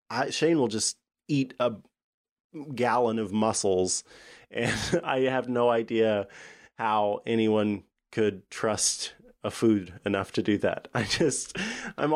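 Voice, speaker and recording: A man co-hosting a podcast in casual chat, playful and giggly, slipping into joking voices. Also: fairly low pitch. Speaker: podcast co-host.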